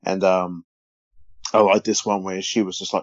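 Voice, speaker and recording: A laid-back man with a lowish voice, co-hosting a casual podcast and pausing often as he gathers his thoughts. His voice sounds close and dry, and the audio is dull and lo-fi. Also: flat delivery, dry recording. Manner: laid-back, hesitant, many ums and short agreements. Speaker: podcast co-host. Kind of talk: casual watch-along chat.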